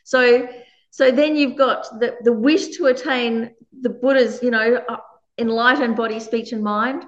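A woman with a fairly high voice gives a conversational dharma talk as a meditation teacher and laughs often. The recording sounds roomy, as if made in a reverberant space. It is also slightly dull and muffled. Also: fairly even intonation, a little slow.

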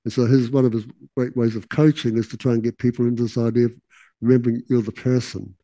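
A man talks in an easygoing, chatty teaching style, now and then acting out what other people say. His tone is mellow and dark. The sound is close and dry, with no room echo. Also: mid-range voice, fast talker. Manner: relaxed, laughing asides, acts out quotes. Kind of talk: casual teaching talk.

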